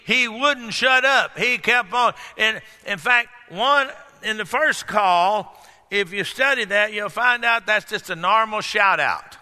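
A male pastor preaching a sermon to a congregation, calling out questions and breaking into sudden shouts. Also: sits high. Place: church hall. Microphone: microphone. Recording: echoey hall.

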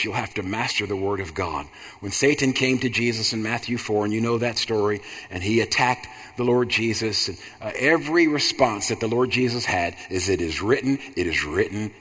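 A man's voice: on the low side, a bit bright, slightly rough. A man preaching a sermon in a repetitive, rhythmic cadence that builds to emphatic bursts. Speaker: pastor. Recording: long hall reverb.

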